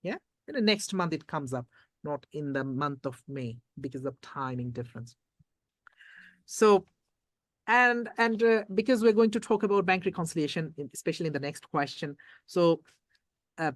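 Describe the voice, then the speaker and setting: An accounting tutor giving an exam revision lecture, reading questions aloud slowly and quizzing students with repeated points. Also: mid-range voice, lively intonation, fairly bright tone, no room sound, studio quality.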